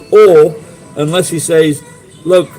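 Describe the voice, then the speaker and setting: Middle-aged man, Sheffield accent, dark mellow voice, rambling sweary livestream chat, faint music behind. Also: medium pitch, poor audio. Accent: Sheffield English. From England. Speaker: livestream host. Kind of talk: casual live chat.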